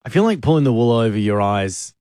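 A man's voice: medium pitch, big pitch swings, warm tone, dry recording, clean studio sound. An Australian man hosting a radio show, chatting and joking with callers. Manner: chatty, joking, quick laughs. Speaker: radio host. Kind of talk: casual radio banter. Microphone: studio mic.

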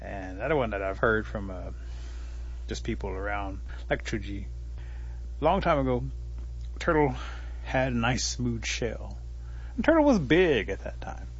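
A man telling a folk tale in a relaxed, conversational way, with frequent fillers. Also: lowish voice, measured pace, pauses often, husky, highs cut off. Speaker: storyteller. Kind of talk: oral folk storytelling.

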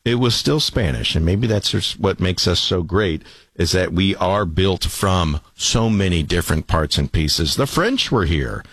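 A man hosting a late-night call-in radio show as a fill-in, talking in a relaxed, conversational way that drops low at the ends of phrases. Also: measured pace, husky, no echo.

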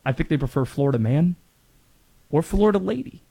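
A man's voice: a little high, expressive, a little fast, vocal fry, warm tone, breathy edge. A man from North Carolina hosting sports talk radio in a chatty way, laughing easily and wandering into asides.

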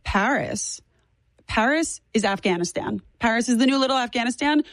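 A woman in her twenties, a guest on a talk show, talking fast and animatedly with strong opinions. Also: fairly high pitch, lively intonation, dry recording. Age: 20s. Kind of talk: casual political chat.

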